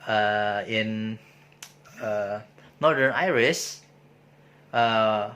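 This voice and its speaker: A man talks through an informal lecture at an unhurried, slow pace. He hesitates a lot, filling gaps with filler sounds and stopping to restart his phrases. His voice sits at an ordinary middle pitch. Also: pushed and bright. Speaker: presenter explaining sociolinguistics.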